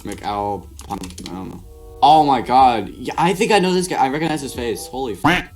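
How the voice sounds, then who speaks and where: A man chatting on a voice call, reacting quickly to a story with jokes and swearing. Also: mid-range voice, expressive, soft background music. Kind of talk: casual chat on a voice call.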